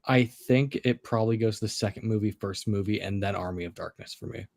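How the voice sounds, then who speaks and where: A man's voice: on the low side, a little fast, creaky, darkish tone, dry recording, clean studio sound. A man co-hosting a stream, talking casually and rambling with laughs. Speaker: stream co-host. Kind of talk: casual chat.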